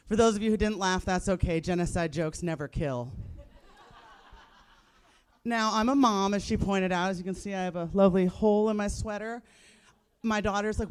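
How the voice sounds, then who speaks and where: A woman in her thirties does a live stand-up comedy set on stage before an audience, blunt and profane, landing wry punchlines. Her mid-range voice is clean in tone and moderately paced.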